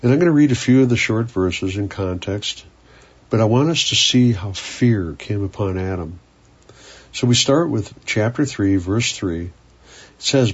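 Husky-voiced male preacher, lo-fi. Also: fairly low pitch, expressive. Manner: earnest, unhurried, repeats words when searching. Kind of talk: sermon.

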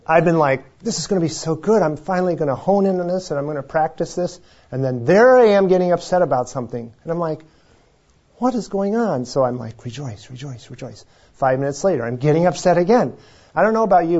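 A man's voice: mid-range voice, darkish tone, highs cut off. A man preaching a sermon as pastor, in a conversational, self-deprecating way with frequent asides.

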